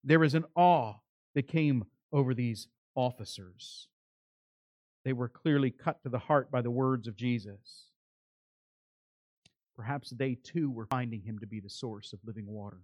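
A man preaching a sermon, acting out the voices of the people he quotes, with his loudness rising and falling for emphasis. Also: medium pitch, measured pace, no echo, dull audio. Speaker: pastor.

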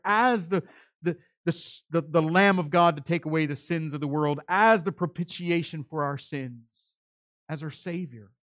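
A man's voice: fairly high pitch, a bit bright, dry recording, studio quality. A male pastor preaching a sermon, earnest and pleading, building to emphatic calls.

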